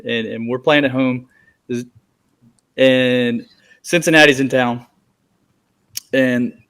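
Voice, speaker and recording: A man in his middle pitch range tells a clubhouse story among friends. He laughs often and acts out what others said. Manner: animated, laughing, acts out quotes. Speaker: former pitcher telling a story.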